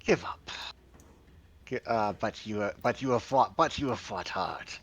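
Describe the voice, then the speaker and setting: A man voicing a stern female warrior who offers mercy to a beaten foe, speaking haltingly over a dull lo-fi mic. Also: lowish voice, slightly rough. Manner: halting, restarts mid-line.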